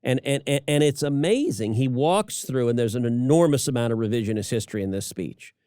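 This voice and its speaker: A man's voice: mid-range voice, animated, brisk, dark tone, clean tone, no room sound, studio quality. A middle-aged man delivering political commentary as a podcast co-host, emphatic and given to repeating words as he starts sentences.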